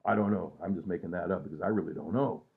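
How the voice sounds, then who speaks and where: This sixty-something vlogger talks fast in a deep, gravelly voice, rambling casually and poking fun at himself at home late in the evening. He trails off often and leans on fillers. The sound is tinny, as if recorded on a phone.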